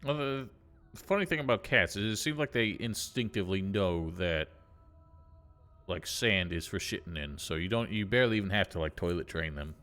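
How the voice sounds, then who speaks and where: A man's voice: sits low, animated, normal speed, a bit bright. A man streaming a game, rambling casually with wry asides. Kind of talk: casual gameplay commentary.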